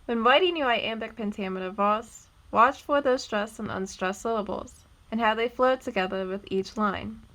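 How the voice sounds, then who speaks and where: A young woman in her twenties narrates a poetry lesson in a fairly high, light voice. She speaks clearly and deliberately from a script. She slows right down whenever she marks where a syllable is stressed. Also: fairly bright tone. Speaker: student teaching poetry.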